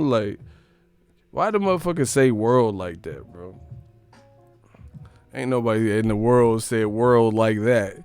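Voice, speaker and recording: A man's voice: medium pitch, animated, slow pace, long pauses, darkish tone, smooth, no echo, faint music behind. A man hosting a live stream, giving crude, mocking commentary as he reacts to chat and often breaks into laughter.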